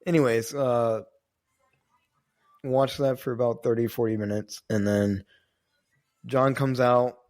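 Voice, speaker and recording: A young man co-hosting a podcast, telling a story in a loose, rambling way. His voice sits at an ordinary middle pitch. He tosses in fillers and the odd curse as he goes. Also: steady tone, slow, pauses often, darkish tone. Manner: rambling, with many fillers and casual swearing. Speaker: podcast co-host. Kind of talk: casual storytelling chat.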